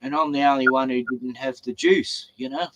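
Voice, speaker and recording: A man's voice: mid-range voice, very animated, moderate pace, vocal fry, a crowd in the background. A man with an Australian accent chatting casually, rambling and stammering as he tells stories and swears. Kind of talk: casual chat.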